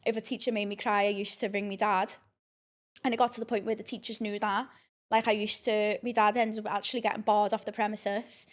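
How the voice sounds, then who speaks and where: Fast-talking young woman. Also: medium pitch, little pitch movement. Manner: frank, heavy swearing, rambling with many fillers. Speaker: podcast host. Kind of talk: casual storytelling podcast.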